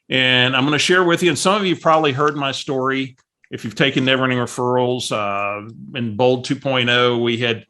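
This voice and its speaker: A man coaching on a call, telling a story in an animated way and acting out the voices of the people in it. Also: medium pitch. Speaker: real estate coach.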